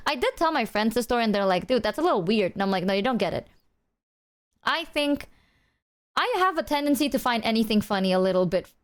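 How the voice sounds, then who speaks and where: A woman streamer telling a story to her chat in a casual, animated way, swearing freely. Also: on the high side.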